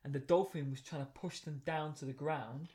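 Brief: male podcast co-host, lively storyteller, casual banter. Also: a little high, moderate pace. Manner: animated storyteller, laughing often. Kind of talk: casual chat.

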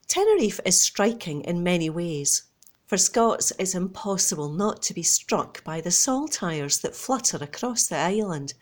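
Lady volunteer reading the paper out loud at home, low-ish voice, even steady pace. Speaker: volunteer newspaper reader. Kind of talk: reading news articles aloud. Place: home recording.

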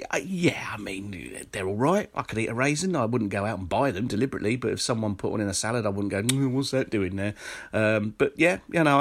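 A man hosting a solo podcast, reading out listener answers with sarcastic, exasperated asides. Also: lowish voice. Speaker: podcast host.

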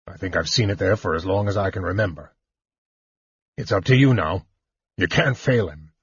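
A man voicing a gruff, blunt old male dwarf who speaks curtly in an audiobook. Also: sits low, moderate pace, dry recording, highs cut off, heavily acted. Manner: gruff, curt. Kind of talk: audiobook character voice.

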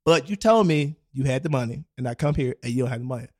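A man's voice: mid-range voice, expressive, fast, a little mellow. A young man in casual chat, telling a loose, profanity-laced story full of slang and acted-out quotes.

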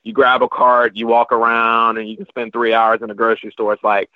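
A man's voice: mid-range voice, monotone, brisk, hardly any pauses, no room sound. A man telling travel stories as a guest in casual chat, rambling with many restarts. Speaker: podcast guest. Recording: dry, slightly muffled lo-fi recording.

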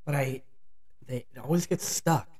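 Mellow-voiced man in casual podcast banter. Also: fairly high pitch. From Northern California. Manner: chatty, halting restarts. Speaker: podcast co-host. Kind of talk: casual chat.

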